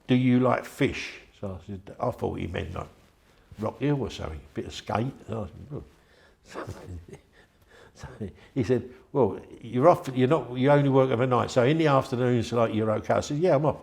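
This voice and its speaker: Speaking at a moderate pace, this older man has a gravelly, medium-pitched voice with a darkish tone. He's being interviewed and spins a meandering, chatty anecdote, doing the voices of its characters.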